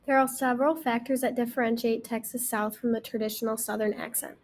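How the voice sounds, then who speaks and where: A woman's voice: on the high side, fairly even intonation, a little fast, a little hiss or hum. A young woman reading the closing part of a class presentation from a script. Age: young adult. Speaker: student presenter.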